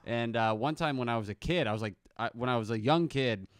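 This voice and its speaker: A man's voice: mid-range voice, brisk, clear, resonant tone, no echo, studio quality. A man, a guest comedian from New York, chatting on a podcast and acting out quotes in shifting voices. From Astoria, New York. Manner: animated storyteller, acts out quotes in shifting voices. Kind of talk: casual podcast chat.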